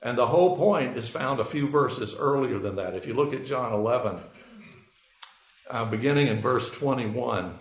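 A man preaching a sermon, explaining scripture in an unhurried way with frequent fillers. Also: mid-range voice, animated. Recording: echoey room.

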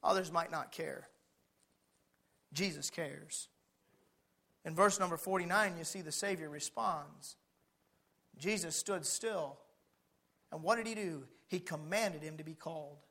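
A male pastor delivers a fiery sermon. His voice sits high and sounds bright and forceful. He drops to quiet talk, then climbs into shouting. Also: measured pace, vocal fry, long pauses, breathy edge.

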